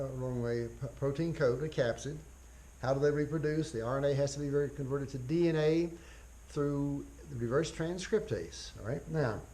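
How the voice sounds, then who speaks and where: A man giving a college biology lecture in a folksy way, repeating key phrases, spelling out terms slowly and often clearing his throat. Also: on the high side, darkish tone, low-quality recording.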